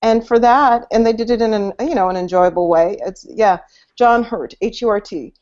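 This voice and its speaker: Her voice is a little high with a darkish tone, moving at normal speed. She co-hosts a laid-back movie podcast over a video call, the audio dull and lo-fi, and she wanders through her points full of fillers and false starts.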